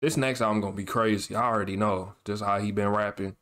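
A man hosting a music reaction, talking casually in excited slang and repeating himself as he reacts. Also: fairly low pitch, fast.

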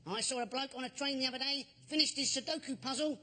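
High-voiced man doing a stand-up bit. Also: fast talker, pushed and bright. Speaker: comedy panelist. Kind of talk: stand-up routine. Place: TV studio with audience.

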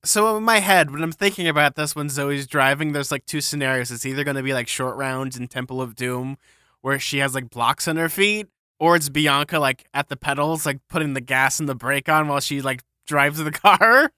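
A man's voice: on the high side, moderate pace, sharp tone, no room sound, clean studio sound. A man co-hosting a podcast in casual book-discussion chat, rambling and enthusiastic with lots of filler words. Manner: rambling, enthusiastic, full of fillers and pop-culture comparisons. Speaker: podcast co-host.

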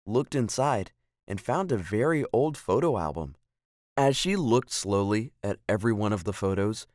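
Man, children's storybook reading, low voice, calm and clear, dry close sound. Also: no room sound.

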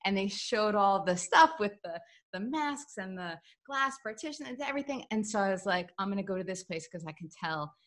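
A woman with a medium-pitched voice hosts an interview over a video call. She tells her stories in a chatty, friendly way. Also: lively intonation, a little fast, few pauses, a bit bright. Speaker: interview host. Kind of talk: casual interview chat.

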